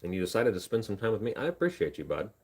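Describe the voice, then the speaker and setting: Man, young adult, from Indiana, casual live-stream chat, self-mocking, deep voice, lively pitch. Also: very fast, slightly rough. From Indiana, USA. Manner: rambling, self-mocking, talks to his dog and chat. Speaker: livestreamer.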